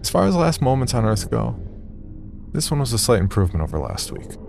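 A man's voice: medium pitch, sing-song, brisk, creaky, music in the background. A man telling a first-person horror story as a scripted narration, with wry, dry humor.

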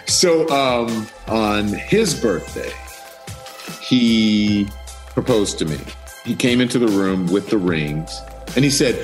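A man telling a story as an interview guest, animated and acting out the voices of people in it. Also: fairly low pitch, takes it slowly, music in the background. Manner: animated, acts out voices in anecdotes.

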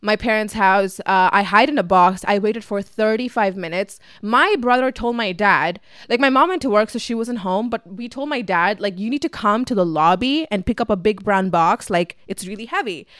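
A woman's voice: medium pitch, moderate pace, few pauses, fairly bright tone, clean tone, no room sound, studio quality. A young woman in her twenties from Dubai, telling a personal story in a casual, chatty podcast monologue, full of fillers and swearing. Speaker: podcast host.

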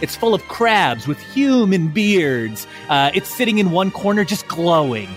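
A man's voice: sits high, big pitch swings, unhurried, faint music behind. A man narrating a tabletop game as game master, describing scenes in a playful, vivid way.

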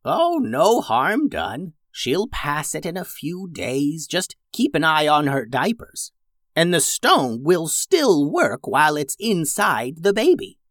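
A man voicing an old witch in a storybook reading, slow and grumbling, somewhat higher than his own voice. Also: huge pitch swings, fairly bright tone, no echo, clean studio sound, heavily acted. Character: old grumbling witch, hurt but kindly.

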